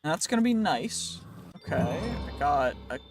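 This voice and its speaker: A man casually commenting on his own gameplay, chatty and playful, thinking out loud, with a voice that is wearing out. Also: fairly high pitch, big pitch swings, measured pace, over music. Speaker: gaming channel host.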